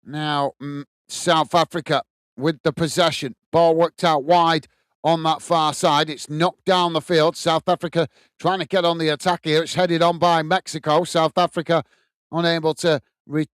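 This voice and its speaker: A man from the UK hosting a live football watch-along, calling the play and warmly greeting viewers by reading their chat messages aloud. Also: a little high, level tone, normal speed, smooth, no room sound. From United Kingdom. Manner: friendly, reads viewer comments aloud and greets them.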